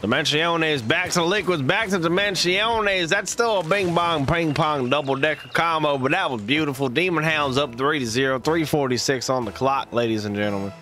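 A man's voice: fairly high pitch, moderate pace, hardly any pauses, pushed and bright, a little hiss or hum, voice pushed up. A man doing a hyped Southern-accented caster. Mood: excited. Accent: put-on Southern US. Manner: hyped, goofy made-up slang. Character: folksy Southern-accented male game caster. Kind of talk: live esports commentary.

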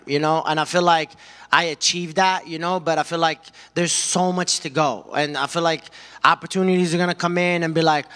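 Excited male fighter, post-fight interview, bright tense voice, long reverb. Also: a little high, fairly quick. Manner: excited, rambling with lots of "you know".

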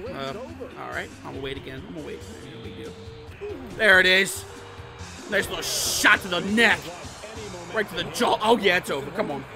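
A man giving excitable, profane gameplay commentary, trash-talking and bursting into shouts while he plays. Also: a little high, brisk, over music. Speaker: gaming YouTuber.

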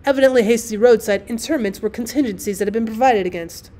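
A woman teacher reading a classic short story aloud as an audiobook, with expressive, dramatic storytelling. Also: on the high side, fast.

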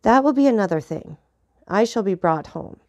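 A woman voicing a grave, vengeful nobleman who speaks in a measured, solemn way. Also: mid-range voice, expressive, close to an everyday voice.

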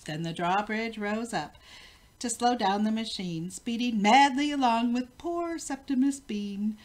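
An older woman, a grandmother, reading a rhyming picture book aloud in a rhythmic, expressive way. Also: on the high side, unhurried. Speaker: storybook reader.

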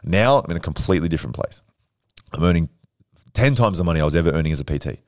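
Brash guy in his 20s, deep and quick, smooth clear voice, dry close sound, swears freely. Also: animated, darkish tone, dry recording. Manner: brash, profane, boastful storytelling. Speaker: podcast guest. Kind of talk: casual podcast chat.

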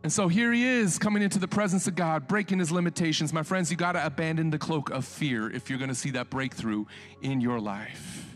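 A male pastor preaching a sermon in a colloquial, conversational way, swinging between hushed storytelling and loud, impassioned exhortation. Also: a little high, steady tone, a little fast, faint music behind.

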